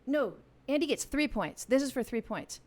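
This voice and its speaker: At a moderate pace, a woman with a high, animated voice hosts a live-stream game for her music channel. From her home music room she chats playfully, explaining the rules to viewers over a studio vocal mic.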